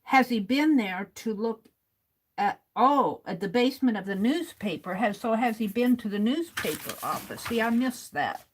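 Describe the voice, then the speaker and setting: A woman's voice: a little high, animated, moderate pace. A woman hosting a livestream, reading viewers' comments aloud and chatting casually while she writes. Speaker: livestream host.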